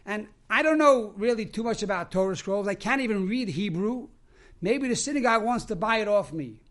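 A man's voice: high-pitched, lively intonation, a little fast, a bit bright. A man voicing an anxious middle-aged seller who insists his fake scroll is real. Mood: earnest. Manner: insistent, defensive.

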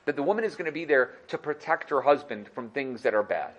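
A man teaching a lively Torah lesson, animated and acting out little scenes. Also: mid-range voice, fast talker, muffled recording. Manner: animated, acts out dialogue.

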